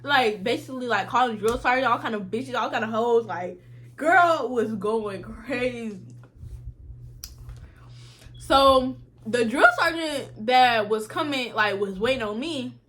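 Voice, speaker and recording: A young woman vlogger telling a casual storytime, slangy and animated, acting out what others said. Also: a little high, measured pace. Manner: animated, slangy, acts out quotes.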